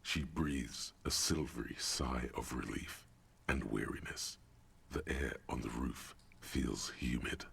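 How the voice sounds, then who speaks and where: A brooding game narrator with a very deep, gravelly voice. The husky tone drags slowly through each measured line, like scripted video game narration delivered with quiet gravity. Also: male voice, heavily acted.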